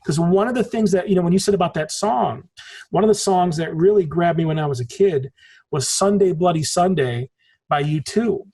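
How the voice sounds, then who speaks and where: A man's voice: high-pitched, normal speed, dark tone. A man in his forties, a podcast guest in casual conversation, telling rambling stories and swearing casually. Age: 40s.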